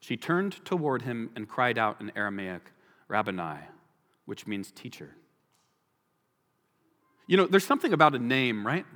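A man preaching a sermon as pastor, animated, acting out the people in the story. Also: mid-range voice. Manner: animated, acts out the people in the story in quick voices. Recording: long hall reverb.

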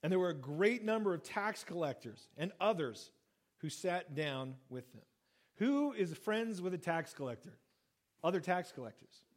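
A man with a high, light voice delivers a sermon in an easy, chatty manner. He reads a passage and then talks it through, slipping into little voices for quoted lines. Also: moderate pace. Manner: conversational, acts out quoted lines with lively pitch jumps. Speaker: pastor. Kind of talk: sermon, Bible reading and teaching.

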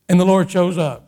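High-voiced man preaching with fervor. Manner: preaching, rising to loud impassioned peaks; repeats and restarts phrases. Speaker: pastor. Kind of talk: sermon.

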